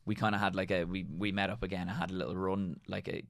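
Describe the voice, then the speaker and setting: A young Irish man on a podcast, rattling through stories at a quick clip and playing out the quotes in them. His voice sits low with a gravelly edge, and the sound is close and dry. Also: no echo. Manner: animated storyteller acting out quoted remarks. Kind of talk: casual podcast chat.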